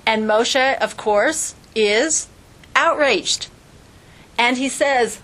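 A woman's voice: a little high, extremely slow, fairly bright tone. A woman teaching an informal religious class, earnest and conversational, with strings of rhetorical questions. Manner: conversational, frequent fillers like "like".

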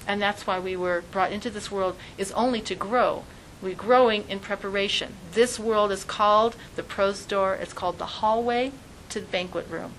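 Woman religious teacher, mid-pitched voice, animated storytelling delivery, faint noise behind. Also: brisk, rough recording. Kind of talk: spiritual talk.

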